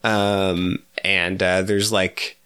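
A man co-hosting a podcast in casual chat, laid-back and chuckling, often pausing with fillers. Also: deep voice, flat delivery, pushed and bright, smooth, no echo. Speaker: podcast co-host.

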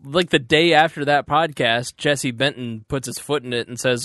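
A man's voice: medium pitch, fairly even intonation, moderate pace, few pauses, a bit bright, dry recording, clean studio sound. A man hosting a casual political podcast, chatting in a joking, self-deprecating way. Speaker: podcast host and producer.

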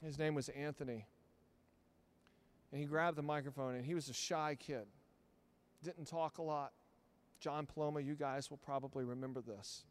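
A man, a pastor, preaching a sermon in a church, moving between hushed storytelling and loud, emphatic peaks. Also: on the high side, steady tone, normal speed. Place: church sanctuary.

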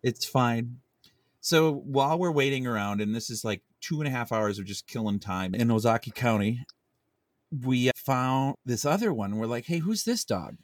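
A man's voice: medium pitch, normal speed, dry recording, clean studio sound. A man co-hosting a podcast, telling a rambling, self-interrupting story in casual chat. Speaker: podcast co-host.

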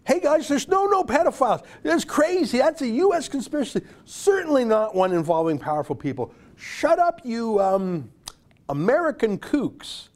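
A man's voice: very high voice, very animated, normal speed, a little mellow, pitched above the performer's own voice. A man voicing a smug, dismissive media figure in a sarcastic, sing-song mockery. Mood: mocking.

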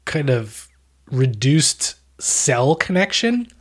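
A man co-hosting a podcast in casual chat, telling a travel story with deadpan jokes and a rambling manner. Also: medium pitch, slow. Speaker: podcast co-host.

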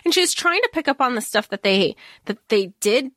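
Lively, gushing woman podcaster. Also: on the high side, moderate pace, dry recording, clean studio sound. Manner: enthusiastic, gushing, trails off and restarts. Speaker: podcast co-host. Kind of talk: casual book discussion.

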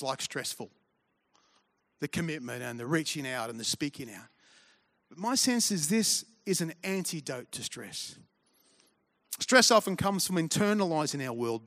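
A man, preaching a conversational sermon full of storytelling asides and humor. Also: a little high. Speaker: pastor.

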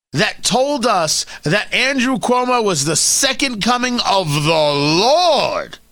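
A male talk radio host ranting through an opinionated monologue, full of sarcasm and mockery. His voice is bright and a little high, swinging widely up and down in pitch. The studio sound is dry and close. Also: no echo. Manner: sarcastic, animated, mocking.

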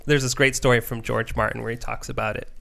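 A man's voice: mid-range voice, fairly even intonation, fast, vocal fry, sharp tone. A man in casual podcast chat, explaining music history with fillers and hesitations. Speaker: podcast co-host.

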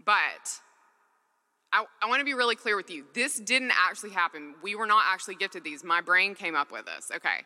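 A woman's voice: mid-range voice, expressive, brisk, sharp tone, in a large hall. A woman from Mississippi preaching a sermon, earnest and conversational as she tells a personal story and acts out the voices in it.

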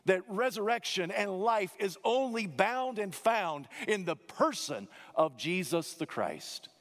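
Man, preacher, sermon, dramatic and emphatic, slightly high voice, long hall reverb. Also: very animated, fairly bright tone. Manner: dramatic, emphatic preaching with sweeping pitch swings and slowed key words.

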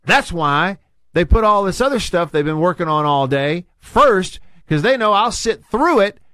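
A man hosting a talk radio show, voice leaping up and down as he rants. His pitch sits a bit high for a man. The studio sound is dry and close. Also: moderate pace, no echo. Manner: animated, rants with big pitch jumps. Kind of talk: casual talk radio banter.

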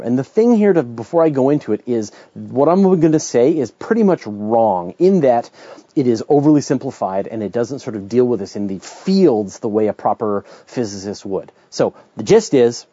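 A middle-aged man with a Canadian accent talks through listener questions in a relaxed, off-the-cuff way, often restarting his sentences and adding asides. His voice is mellow and dark, recorded close and dry, with a slightly dull, lo-fi sound. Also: mid-range voice, husky, no echo. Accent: Canadian English. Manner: chatty, thinks aloud with restarts and asides. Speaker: podcast host answering listener questions. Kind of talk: casual explanatory talk.

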